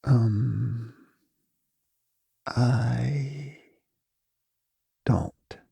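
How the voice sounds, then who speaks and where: Jiajuja: timid female messenger from a male narrator, soft, halting, gravelly, audiobook. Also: on the high side, lively intonation, dry recording, exaggerated voice. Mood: hesitant. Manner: hesitant, stammering softly.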